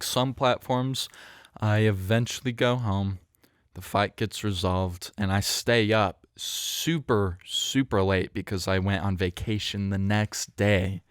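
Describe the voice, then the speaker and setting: A man's voice: fairly low pitch, clear, resonant tone, dry recording, studio quality. A young man hosting a podcast, telling a rambling story in a casual chat, with lots of fillers and restarts. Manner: rambling, self-correcting, with many fillers. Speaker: podcast host. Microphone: studio mic close up.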